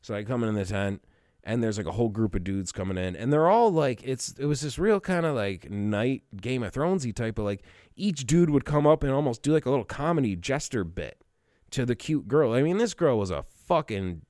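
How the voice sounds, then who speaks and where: A man's voice: mid-range voice, expressive, brisk, a little mellow, no echo, studio quality. Profane, laughing man telling a story. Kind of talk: casual crude storytelling chat.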